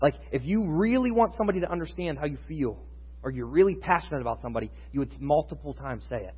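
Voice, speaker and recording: A man's voice: fairly high pitch, animated, quick pace, husky. A man preaching a sermon in a conversational teaching style, building in intensity at times. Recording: muffled sound with long reverb in a hall.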